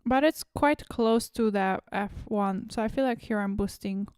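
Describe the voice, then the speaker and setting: A woman music producer thinking aloud as she works, musing and correcting herself, with soft asides. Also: medium pitch, moderate pace, smooth, dry recording, studio quality. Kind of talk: casual think-aloud commentary while producing.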